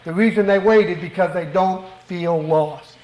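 A man's voice: high-pitched, normal speed, darkish tone, reverberant, low-quality recording. A middle-aged man preaching a sermon in a church, fervent and emphatic, often asking the congregation rhetorical questions. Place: church worship hall.

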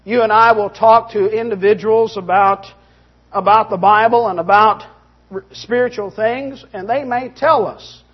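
Husky-voiced preacher man, muffled recording. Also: sits high, steady tone, measured pace. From Texas. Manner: earnest, rising to emphatic and stern. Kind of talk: sermon. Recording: dull muffled sound.

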